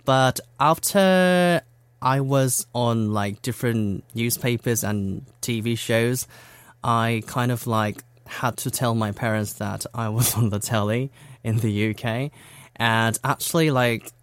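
A man's voice: medium pitch, slow, clean tone, no echo. Chatty young Korean man, laughing often. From South Korea. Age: young adult. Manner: chatty, laughs often, many fillers like "like" and "you know". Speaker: interview guest. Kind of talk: casual interview chat.

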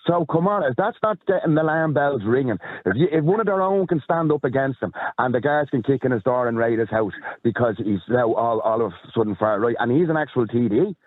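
An Irish man calls in to a heated panel discussion, rattling off his indignant points at speed. His voice is husky and a little high, carried over a thin, tinny phone line. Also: lively intonation, no room sound. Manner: impassioned, indignant, rapid. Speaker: guest commentator. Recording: phone-line call-in audio.

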